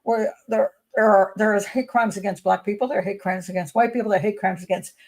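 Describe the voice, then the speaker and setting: A woman criminal profiler hosts a casual livestream chat. Her gravelly voice sits at a middling pitch. She talks emphatically and wanders off on tangents as she thinks aloud. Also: steady tone, quick pace, darkish tone. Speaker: criminal profiler hosting a patron hangout.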